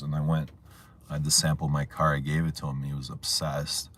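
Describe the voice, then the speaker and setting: A low-voiced man hosts a casual livestream and chats to viewers in a relaxed way. His deep tone has a bright, forceful edge. He tells stories with lively retellings. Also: fairly quick. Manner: chatty, storytelling, animated retelling. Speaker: livestream host.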